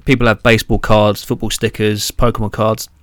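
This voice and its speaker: A man's voice: lowish voice, level tone, fairly quick, no echo. British male co-host, rambling banter, dead-dry close mic. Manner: rambling, filler-heavy, banters and swears. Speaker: podcast co-host. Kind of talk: casual chat.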